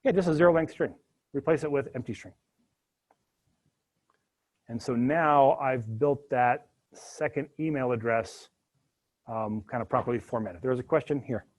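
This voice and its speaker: At a moderate pace with long pauses, a mid-range-voiced university instructor teaches spreadsheet coding live to his students. He remains animated throughout, joking as he talks through each step of the code.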